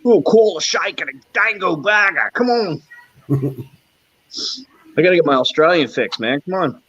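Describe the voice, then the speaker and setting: Trucker host, male, husky and lively, casual stream chatter, lo-fi dry audio. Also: sits high, normal speed, dry recording. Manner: chatty, laughs often, breaks into joking voices. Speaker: trucker hosting a live chat stream. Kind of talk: casual live-stream chat, reading and answering comments.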